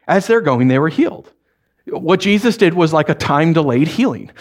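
A man's voice: a little high, expressive, moderate pace. Man preaching a casual, joking sermon. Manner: conversational, joking, acts out voices of characters. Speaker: pastor.

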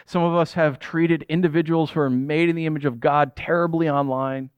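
Dad-aged preacher guy, joking around with the crowd, kinda high voice, dry sound. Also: fairly even intonation, fairly quick, clear, resonant tone, no room sound, dull audio. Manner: conversational and jokey, asks the audience questions. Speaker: pastor. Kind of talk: sermon.

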